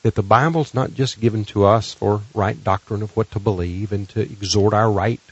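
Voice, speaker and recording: A man hosts a Christian radio show, his low voice a little husky. The sound is dry and slightly dull. He gives pastoral reflections and lifts his voice when he makes announcements. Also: steady tone, normal speed. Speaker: radio host. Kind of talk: radio ministry hosting.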